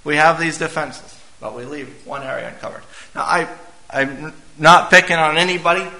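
A man's voice: fairly high pitch, moderate pace, bright, forceful tone. A man preaching a sermon in a church, talking conversationally and putting questions to the congregation. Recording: echoey church room.

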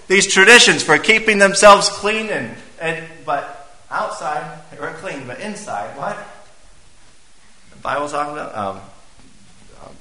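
Bright-voiced preacher in an echoey church. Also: male voice, a little high. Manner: conversational, quizzes the congregation. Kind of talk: sermon.

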